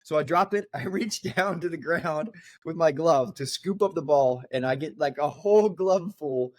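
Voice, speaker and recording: A middle-aged man with a fairly high voice tells a story on a casual podcast. He is animated and laughs often, acting out what people said. The sound is dry and close to the mic. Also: moderate pace, dry recording. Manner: animated, laughing, acts out quotes. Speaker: podcast co-host.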